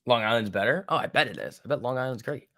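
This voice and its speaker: Speaking quickly and with plenty of animation, this stock trading streamer offers casual live market commentary, musing out loud and swearing now and then. His pitch is medium and slightly bright. There's no room sound at all.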